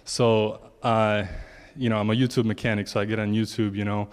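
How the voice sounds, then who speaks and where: A man's voice: lowish voice, level tone, fairly quick, in a large hall. A man giving a casual testimony to a congregation, telling a long story in a chatty way and quoting his own thoughts.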